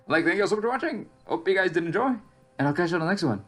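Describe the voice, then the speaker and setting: A man's voice: high-pitched, expressive, rapid-fire, a bit bright. A male gaming channel host giving a casual, upbeat sign-off, with faint music behind. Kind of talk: casual outro.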